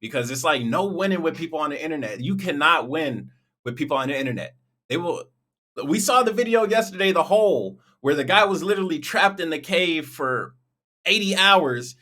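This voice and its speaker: A man's voice: a little high, lively intonation, fairly quick, pushed and bright. A man hosting a reaction video, talking casually and chatting directly to his viewers.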